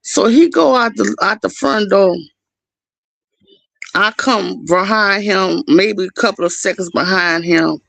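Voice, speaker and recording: A middle-aged woman on a livestream, telling a story in an animated, casual way straight to her viewers. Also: mid-range voice, measured pace, gravelly, no echo. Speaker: livestream host.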